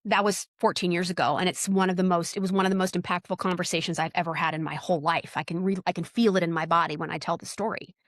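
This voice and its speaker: A woman's voice: lowish voice, fast, hardly any pauses, dry recording. A woman in her forties, a birth worker speaking as a podcast guest, talking candidly and emphatically and often acting out what people said. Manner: emphatic, animated, acts out quoted dialogue. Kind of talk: candid conversational storytelling.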